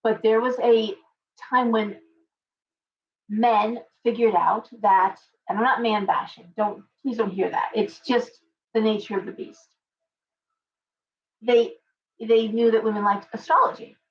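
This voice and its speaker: A woman's voice: fairly high pitch, fairly even intonation, a little slow, pauses often, distant mic. A middle-aged woman talks in a loose, rambling live-stream chat, breaking off to greet her viewers by name. She sits a little back from the mic. The sound is dull and lo-fi. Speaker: tarot reader hosting a live stream.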